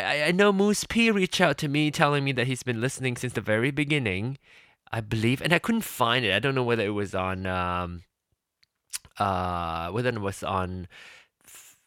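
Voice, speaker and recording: A man hosts his own podcast, talking alone in loose, chatty fashion. His voice is bright and lively, leaping up and down in pitch as he trails off, apologizes and restarts. The sound is close and dry, with no room around it. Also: smooth, no room sound. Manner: rambling, apologetic, self-interrupting with fillers; chatty and animated. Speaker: podcast host. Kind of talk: casual solo podcast chat.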